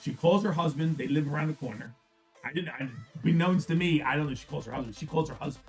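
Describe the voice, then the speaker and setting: A man's voice: fairly high pitch, fast talker. A middle-aged man with a Philadelphia accent, telling a rambling story on a livestream, swearing freely and often restarting his sentences. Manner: rambling, profane, frequent restarts. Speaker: card break host. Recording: faint music behind.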